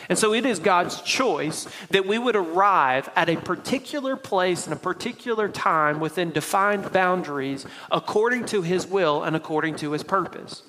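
A man's voice: high-pitched, pushed and bright, in a large hall, a little hiss or hum, low-quality recording. A man with a Tennessee accent preaching a sermon from the pulpit, explaining scripture step by step in a conversational way. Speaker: pastor. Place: church sanctuary.

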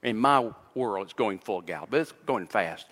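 Big-room acoustics surround a male pastor preaching expository material, blending Bible passages with anecdotes from his own life. He sounds animated and a bit bright at a moderate pace, his pitch rising as he drives points home.

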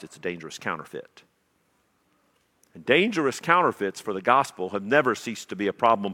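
Animated, bright-voiced preacher in a hall. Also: male voice, on the low side. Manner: dramatic swings between loud emphasis and quiet asides. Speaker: pastor. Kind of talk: sermon.

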